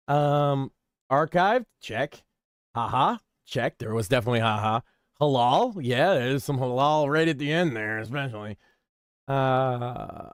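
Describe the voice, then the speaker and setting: A man's voice: on the high side, smooth, no echo, clean studio sound. A man hosting a casual commentary stream, reading forum posts with wry, offhand remarks. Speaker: stream host.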